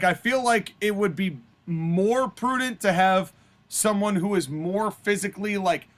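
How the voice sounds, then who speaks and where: A man's voice: sits high, fairly bright tone. A man co-hosting a podcast, casually reacting to and critiquing a story. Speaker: podcast co-host.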